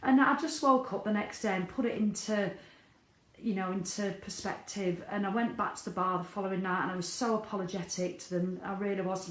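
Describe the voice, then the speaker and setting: A woman's voice: medium pitch, brisk. Chatty woman in an echoey room. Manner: chatty, candid, swears freely. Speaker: vlogger. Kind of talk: casual video diary.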